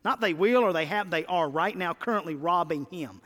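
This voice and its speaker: Pastor, male, high tenor, exhorting his congregation, reverberant church. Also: expressive, normal speed, a bit bright. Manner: rising to emphatic exhortations. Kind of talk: sermon.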